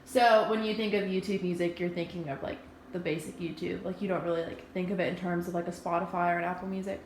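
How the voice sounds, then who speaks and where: A woman's voice: fairly low pitch, steady tone, fast talker, darkish tone, slight background noise. A young woman leading a focus group, asking questions and rephrasing the answers back to the group. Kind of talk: casual moderated discussion. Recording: roomy classroom recording.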